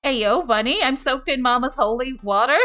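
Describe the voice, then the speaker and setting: A woman's voice: sits high, lively intonation, normal speed, pushed and bright. A woman streamer chatting casually with a friend, giggling often and swearing freely in a playful way.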